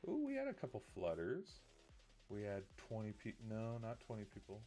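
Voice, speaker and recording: A man's voice: on the low side, huge pitch swings, normal speed, warm tone, faint music behind. A tired man chatting casually on a late-night livestream, rambling and getting heated, with lots of filler words and restarts. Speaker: streamer.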